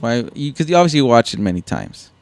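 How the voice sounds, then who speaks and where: A man co-hosting a podcast in casual chat, animated and quoting lines with a laugh. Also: medium pitch, fast talker, slight background noise. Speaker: podcast co-host.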